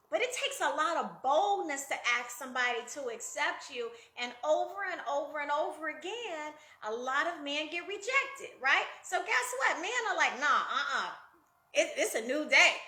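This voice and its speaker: A high-pitched woman coaching her listeners through a motivational talk. Her voice is bright and lively, and she often jumps into quoted voices. The room around her is echoey. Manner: conversational, addresses listeners as guys. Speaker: life coach.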